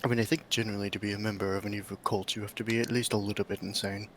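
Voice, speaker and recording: A man at a tabletop game, quick to joke and to jump on an idea. His voice sits on the low side for a man, with faint background noise behind him. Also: little pitch movement. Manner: jokey, eager, swears. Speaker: player. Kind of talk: casual tabletop game chat.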